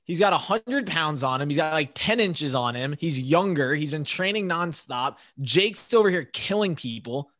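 A man's voice: fairly high pitch, lively intonation, normal speed, hardly any pauses, fairly bright tone. A man co-hosting a podcast, arguing his point insistently in a casual chat. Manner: argumentative, insistent. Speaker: podcast co-host.

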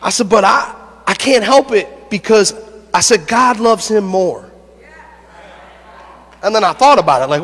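A man preaching a sermon, an animated storyteller who laughs through his stories and builds to shouted preaching. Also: high voice, moderate pace, long pauses, in a large hall. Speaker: pastor. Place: church sanctuary.

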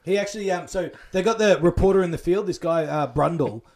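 A man with a fairly high voice, telling an anecdote with animated energy. He swears casually and acts out the bits he is describing, in relaxed banter. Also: fairly quick. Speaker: podcast co-host.

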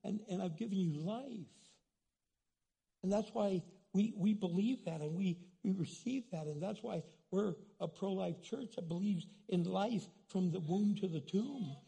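Male pastor for a church sermon: high, gravelly, husky, dark tone, restarts often. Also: measured pace. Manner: preaching with many restarts and quoted asides.

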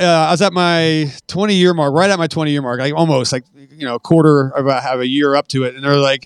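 Retired marine guy swearing through his old stories, smooth clear voice, dry close mic, kinda high. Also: steady tone, fast, few pauses, no room sound. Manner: profane, rambling war stories with frequent fillers. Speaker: podcast guest, retired Marine. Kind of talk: casual interview storytelling.

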